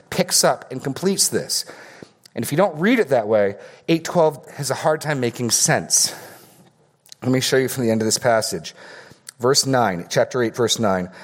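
A man preaching an expository sermon as pastor, earnest and emphatic, often repeating key phrases for stress. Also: mid-range voice.

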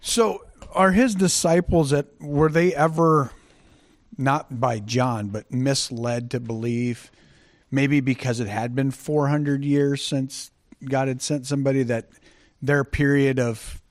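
A man in a study group asking a long question, halting and thinking aloud. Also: medium pitch, steady tone, no room sound, clean studio sound. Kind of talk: casual discussion question.

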